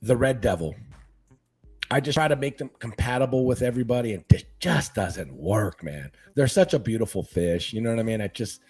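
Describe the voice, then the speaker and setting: A man who is a guest fishkeeper, chatting casually in an interview with a laid-back, animated manner. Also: medium pitch, brisk, husky, soft background music. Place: living in Northern California.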